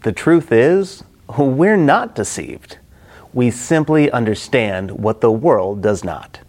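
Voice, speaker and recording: A man's voice: medium pitch, expressive, slow pace, a little mellow. A middle-aged man preaching a Bible-study sermon, acting out the quoted characters expressively.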